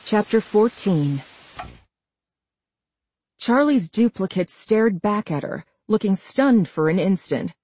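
A woman narrating a horror novel as an audiobook, reading in a slow, measured way. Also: medium pitch, animated, mellow, breathy edge, dry recording. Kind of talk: scripted narration.

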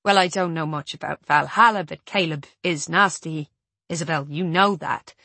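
A woman's voice: deep voice, moderate pace, sharp tone, dry recording, heavily acted. A woman voicing an insistent adult female friend who presses hard for answers, sounding exasperated.

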